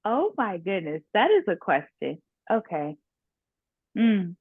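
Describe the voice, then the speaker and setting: A young woman actress telling stories about herself in a casual, animated interview. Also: mid-range voice, slow, slightly rough, no echo. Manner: animated, laughing storyteller. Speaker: actress guest. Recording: dry tinny phone-like line.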